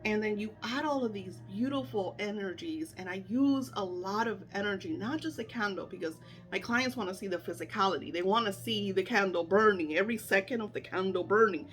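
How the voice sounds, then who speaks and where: A middle-aged woman coaching on manifesting in an animated, chatty way, full of fillers and acted-out self-talk. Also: medium pitch, brisk, faint music behind. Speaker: spiritual coach. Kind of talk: casual teaching chat.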